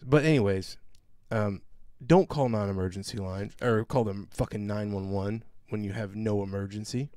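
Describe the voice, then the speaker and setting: A man co-hosting a podcast, telling a long story in a casual, profane, animated way and mimicking other people's voices. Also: lowish voice, dry recording, clean studio sound. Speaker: podcast co-host.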